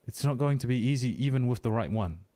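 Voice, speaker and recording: A man's voice: medium pitch, expressive, fast, warm tone, no room sound. A man on a podcast making his point emphatically, in a lecturing way. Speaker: podcast guest. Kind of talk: casual podcast discussion.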